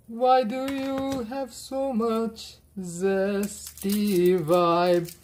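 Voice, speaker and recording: A woman's voice: medium pitch, level tone, very slow, darkish tone, a little hiss or hum. A woman hosting a cooking livestream, chatting playfully and chanting silly sing-song phrases as she cooks.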